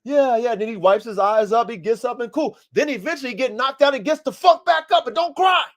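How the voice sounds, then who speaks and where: A man's voice: very high voice, a little fast. A man hosting a casual livestream podcast about dogs, talking in a profane, emphatic, preaching way. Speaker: podcast host and dog breeder.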